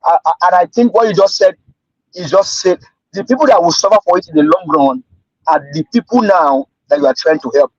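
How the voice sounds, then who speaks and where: A man's voice: sits high, a little fast, lo-fi sound. A Nigerian man calling in to a livestream. He often repeats and restarts his words. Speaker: caller. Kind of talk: call-in livestream talk.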